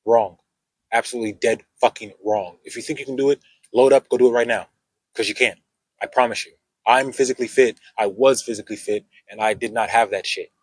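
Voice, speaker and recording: A young man with a husky, breathy edge to his voice spins a brash, casual story straight to the camera. He swears freely and jumps into the voices of the people he is quoting. The sound is dry and close. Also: mid-range voice, brisk, no echo, poor audio. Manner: brash, swearing, animated retelling with acted quotes. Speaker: vlogger.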